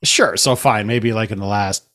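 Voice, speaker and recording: A man's voice: on the low side, normal speed, a bit bright. Easygoing man who laughs a lot. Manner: easygoing, laughs often, hedging fillers. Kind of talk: casual chat about a film.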